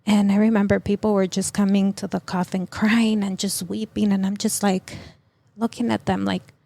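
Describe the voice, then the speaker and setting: A middle-aged woman telling of a personal loss as a podcast guest, in a halting, emotional way full of fillers and restarts. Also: medium pitch, little pitch movement, creaky, warm tone, no room sound. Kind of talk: personal testimony in an interview.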